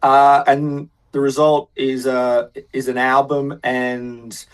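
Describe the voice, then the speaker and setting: A man's voice: mid-range voice, level tone, slow pace, clean tone, low-quality recording. A man with an Australian accent, a guest musician answering interview questions in a hesitant, rambling way with many restarts.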